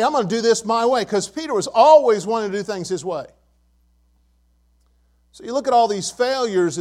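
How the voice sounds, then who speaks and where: An older man preaching a sermon to his church, emphatic and repeating key words. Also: sits high. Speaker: pastor.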